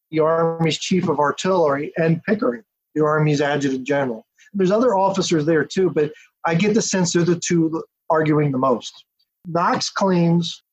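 A man, an author and historian, giving a detailed, steady account as a podcast interview guest. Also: on the high side, breathy edge. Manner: detailed, steady storytelling with asides. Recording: dull lo-fi audio.

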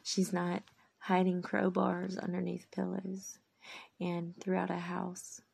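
Speaking slowly and completely flat in a fairly low, gravelly, darkish, slightly rough voice, a late-thirties woman rambles at length through a heartfelt, emotional monologue. Exhausted and drained, she trails off, restarts her thoughts, and at times comes close to tears.

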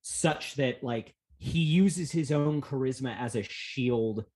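A man with a slightly husky, unpolished voice chats casually about a movie as a podcast co-host. He rambles, jokes and drops the odd curse word, and his pitch sits mid-range for a man. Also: slow pace, darkish tone. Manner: rambling, jokey, profane. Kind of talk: casual film discussion.

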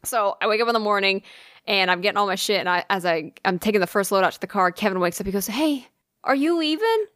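A woman's voice: medium pitch, fast talker, smooth, dry recording, clean studio sound. A woman telling a long story in casual chat, swearing freely and acting out what people said. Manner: animated storytelling, frequent swearing, acts out quoted dialogue.

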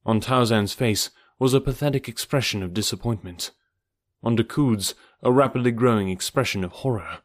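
A man narrating an adventure novel as an audiobook in a steady, measured storytelling manner. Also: medium pitch, dry recording, clean studio sound.

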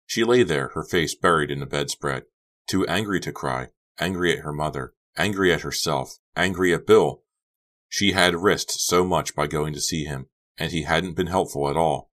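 Very deep-voiced male audiobook narrator. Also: moderate pace. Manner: steady dramatic reading.

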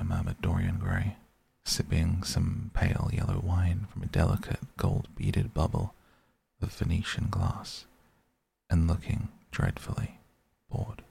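A man narrating a classic novel in a calm, slow, even bedtime reading. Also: deep voice, gravelly, husky. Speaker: sleep podcast reader.

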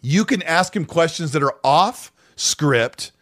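A man co-hosting a casual podcast, telling stories in an animated, rambling way with many restarts. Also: on the high side, slow pace. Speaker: podcast co-host.

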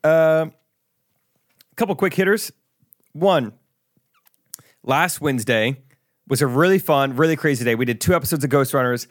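A man co-hosting a podcast, trading relaxed, easygoing banter and recapping his week. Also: on the high side, normal speed, pauses often. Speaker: podcast co-host. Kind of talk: casual chat.

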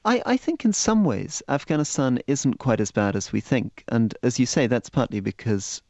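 Brief: male author, low gravelly voice, measured storyteller, dull dry studio sound. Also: animated, a little mellow, no echo. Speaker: author and guest. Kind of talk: radio interview and book reading.

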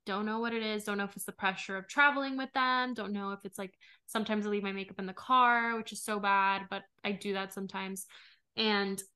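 A woman's voice: medium pitch, fairly even intonation, fairly quick, bright, forceful tone. A young woman co-hosting a podcast in casual chat, talkative and giggly, full of "like" and "um". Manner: chatty, giggly, fillers like "like" and "um". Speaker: podcast co-host.

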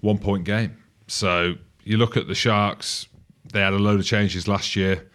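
Low-voiced man in his forties, chatty rugby pundit. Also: fairly even intonation, unhurried, fairly bright tone. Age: 40s. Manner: jokey, teasing. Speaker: podcast co-host. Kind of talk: casual rugby chat.

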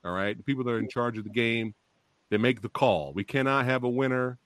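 A man hosting a podcast interview, telling a story in an animated, excitable way, swearing freely. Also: medium pitch, a little fast, dry recording. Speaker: podcast host.

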